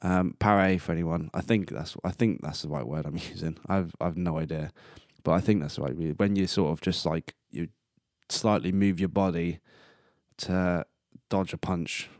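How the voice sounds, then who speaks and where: On his solo podcast, a man in his early twenties rambles casually in a low, darkish voice with fairly even intonation at a normal speed. He laughs at his own jokes and coughs now and then, recorded on a close podcast mic with clean studio sound and no room sound.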